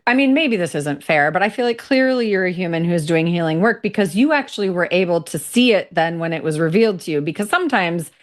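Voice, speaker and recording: A woman hosting a podcast in casual conversation, animated and acting out little quotes. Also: fairly low pitch, quick pace, hardly any pauses. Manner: animated, acts out voices and quotes. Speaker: podcast host.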